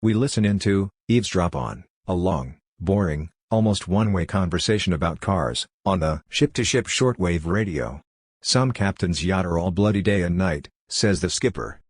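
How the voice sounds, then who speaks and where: Deep-voiced man narrating a literary audiobook. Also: animated, normal speed, husky, no room sound, studio quality.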